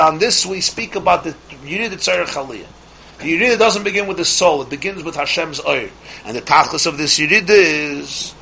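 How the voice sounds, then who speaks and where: A man giving a religious lecture as a teacher, emphatic and full of rhetorical questions, slowing some phrases and rushing his asides. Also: a little high, pushed and bright, slightly rough, poor audio. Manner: shifts between slow stretched phrases and quick asides.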